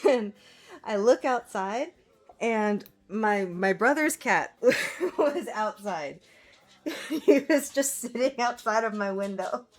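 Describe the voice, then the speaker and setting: A woman's voice: on the high side, expressive, slow. A woman artist chatting casually on a livestream from home, laughing often and talking to her cat. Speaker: artist streamer.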